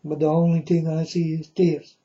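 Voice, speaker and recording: A man's voice: a little high, level tone, normal speed, mellow, lo-fi sound. A man speaking as a self-styled prophet in a rambling monologue to his viewers. He is solemn and repetitive and keeps addressing them as folks.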